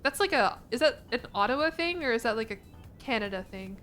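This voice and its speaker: A young American woman chatting casually on a stream, animated and quick to laugh as she answers her chat. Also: fairly high pitch, faint music behind. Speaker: vtuber streamer.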